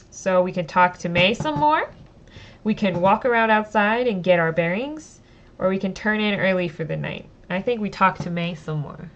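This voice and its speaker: Woman, gamebook reader, casual asides, mid pitch, muffled lo-fi audio. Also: lively intonation, normal speed. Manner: casual, self-deprecating, muses over choices. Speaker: streamer reading a solo gamebook. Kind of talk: reading aloud with casual asides.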